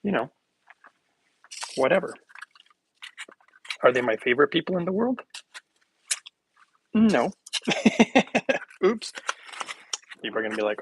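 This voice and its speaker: A man hosting a casual health livestream, rambling and joking with viewers, laughing often while making a smoothie in his kitchen. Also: on the high side, animated, unhurried, long pauses, noisy background.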